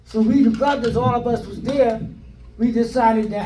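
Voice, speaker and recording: An older man telling stories from his past in a documentary interview, animated, acting out what people said, with hesitant fillers. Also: extremely high pitch, moderate pace. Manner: animated, acts out quoted dialogue with hesitant fillers. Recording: roomy sound from a distant mic, faint noise.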